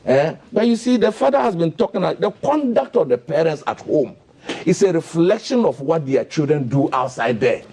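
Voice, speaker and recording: A man's voice: a little high, big pitch swings, normal speed, warm tone, slightly rough. Impassioned Ghanaian man on talk radio. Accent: Ghanaian English. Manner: impassioned, indignant, rhetorical questions. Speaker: radio panelist. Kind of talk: heated radio talk-show commentary. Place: radio studio.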